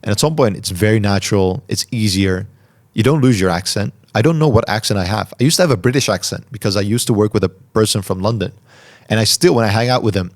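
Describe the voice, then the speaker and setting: A man hosting a podcast, answering listener questions in a calm, reflective way and articulating each word carefully. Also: fairly low pitch. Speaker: podcast host. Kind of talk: solo Q&A talk.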